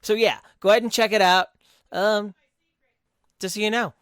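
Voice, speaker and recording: A young man with a fairly high voice rambles through metal album picks on a podcast, swearing freely and laughing at himself. He jumps from loud outbursts to low mutters. The sound is close and dry, with no room in it. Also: fairly even intonation, moderate pace, smooth, dry recording. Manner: crude, rambling and self-mocking, with sudden loud bursts and quiet mutters. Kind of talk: casual solo segment, reading from a list.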